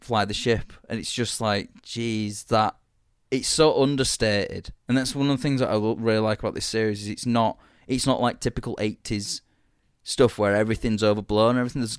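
A man's voice: on the low side, steady tone, fairly quick, smooth, no echo, clean studio sound. A man, chatting casually and enthusiastically about a TV series as podcast co-host, rambling and swearing freely.

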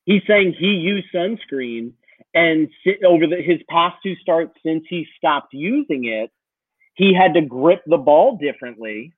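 A man's voice: fairly high pitch, lively intonation, measured pace, slightly rough, no room sound. A man co-hosting a sports podcast, ranting in casual, profane chat. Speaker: podcast co-host. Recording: tinny phone-like line.

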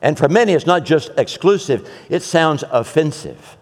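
A male pastor preaching a sermon, emphatic, with dramatic repetition and pauses. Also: on the high side, lively intonation, in a large hall.

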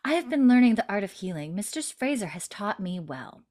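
A woman voicing a young female healer who speaks with quiet, intense menace while retelling a TV scene. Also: medium pitch, big pitch swings, a little fast, a loud crowd, pitched above the performer's own voice, natural voice. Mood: earnest.

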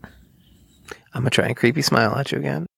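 A man's voice: mid-range voice, moderate pace, creaky, a bit bright, breathy edge, dry recording, clean studio sound. A man with a Boston accent co-hosting a podcast in casual movie-review chat, joking and playful. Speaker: podcast co-host.

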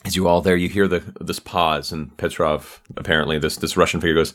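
A man narrating a tabletop game as game master, describing the scene in a measured way. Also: a bass voice, steady tone, a bit bright.

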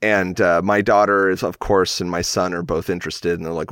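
A man's voice: sits low, moderate pace, hardly any pauses, fairly bright tone, clean tone, no echo, clean studio sound. A man in his thirties casually telling a long personal story on a podcast, rambling and correcting himself as he goes. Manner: rambling, self-correcting, chuckles while telling.

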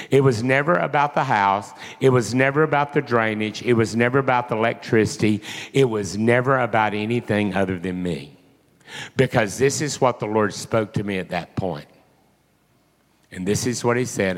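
A man preaching a sermon, telling an emotional story in an animated way. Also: mid-range voice, in a large hall. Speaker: pastor.

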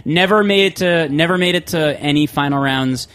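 A man's voice: on the high side, normal speed, clean tone. A young man hosting a casual radio talk show, jokey and talking over his co-hosts. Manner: animated, jokey, talks over others.

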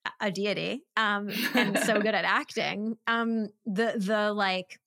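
A woman's voice: medium pitch, fairly even intonation, takes it slowly, gravelly, a bit bright, no room sound, studio quality. A woman co-hosting a podcast, chatting casually about a movie with lots of fillers and restarts. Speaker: podcast co-host. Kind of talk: casual film discussion.

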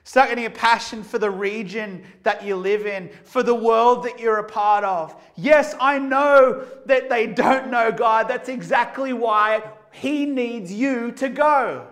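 A man's voice: extremely high pitch, unhurried, hardly any pauses, fairly bright tone. A male pastor preaching a sermon emphatically, piling up rhetorical questions and repeated phrases.

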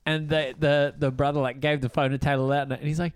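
A middle-aged man hosting a casual podcast chat, telling stories in an animated way and jumping into high voices to quote people. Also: fast, few pauses, clear, resonant tone, dry recording. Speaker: podcast host.

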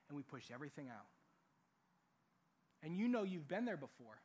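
A young man preaching a sermon in a lively, animated way, acting out what people say. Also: fairly high pitch, a little fast, long pauses. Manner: animated, acts out quoted voices. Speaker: youth pastor.

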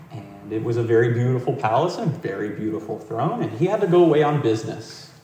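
A man giving a reflective meditation talk in a gentle, conversational way, telling a story as he goes. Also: mid-range voice, slight background noise. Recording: roomy hall, distant mic.

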